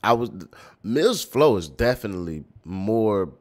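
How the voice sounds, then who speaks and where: A young American man with a very low voice gives blunt reaction commentary. He swears freely and sounds openly incredulous at what he hears. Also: sing-song, a little slow, a little mellow, soft background music. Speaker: reaction video host.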